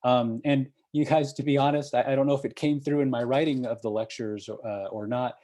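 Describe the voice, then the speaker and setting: A man teaching an online course reviews material over a computer mic in a brisk, mellow, medium-pitched voice with a steady tone. Patient and encouraging, he regularly checks understanding with "okay?" and "right?"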